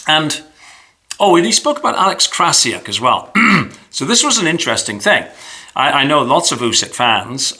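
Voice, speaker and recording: A man's voice: medium pitch, pushed and bright. A man hosting a boxing channel, giving a chatty, self-deprecating news commentary and thinking aloud as he goes.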